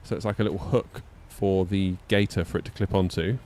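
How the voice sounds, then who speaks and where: Low-voiced man streaming casually. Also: steady tone, brisk, darkish tone, a little hiss or hum. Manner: rambling, hesitant, lots of fillers and self-deprecating laughs. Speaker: flight sim streamer. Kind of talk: casual live-stream chat.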